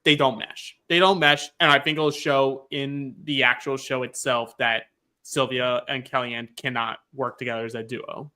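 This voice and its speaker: A man co-hosting a casual podcast chat, quick and joking. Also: medium pitch, fairly even intonation, pushed and bright. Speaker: podcast co-host.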